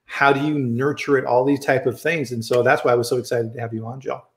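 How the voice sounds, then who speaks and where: A man's voice: medium pitch, flat delivery, fast. Chatty American man hosting a livestream. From American Midwest. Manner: upbeat, chatty, warm greetings to viewers. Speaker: livestream host. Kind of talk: casual live-stream chat. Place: home studio, Colorado. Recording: roomy echoey home room.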